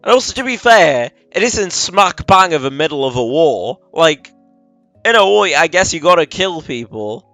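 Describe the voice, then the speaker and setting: A man with a smooth, clear voice tells a story in loose, rambling chat among friends. He drops into quick quoted impressions of the characters. Faint music plays behind him. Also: a little high, big pitch swings, pushed and bright, no echo. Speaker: friend explaining a game plot. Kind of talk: casual drunken chat.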